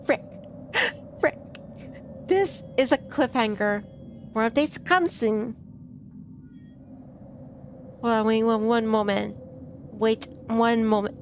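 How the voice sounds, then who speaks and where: A woman's voice: fairly high pitch, steady tone, slow, pauses often, slight background noise. A woman streaming a game, chatting casually and playfully, reacting aloud to what happens on screen.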